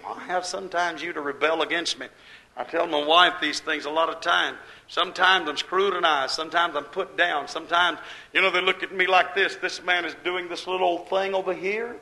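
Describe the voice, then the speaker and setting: A male pastor preaching a fiery sermon, swinging from loud declarations to low asides. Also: fairly even intonation, moderate pace, poor audio.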